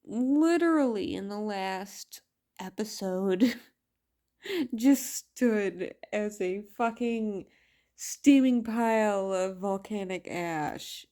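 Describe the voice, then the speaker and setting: A woman's voice: mid-range voice, very slow, warm tone. A woman reviewing a show in a casual vlog rant, exasperated, blunt and full of profanity. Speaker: video reviewer.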